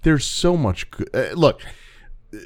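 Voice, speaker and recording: A man's voice: medium pitch, sing-song, a little slow, no room sound. A man co-hosting a theme park podcast, talking eagerly like an enthusiastic fan. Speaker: podcast co-host. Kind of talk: casual chat.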